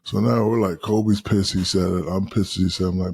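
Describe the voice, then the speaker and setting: A man, telling animated, profane stories as a guest on a casual talk show. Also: sits low, normal speed, vocal fry, husky. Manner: animated, profane, acts out quotes. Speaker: guest, retired basketball star. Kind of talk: casual storytelling.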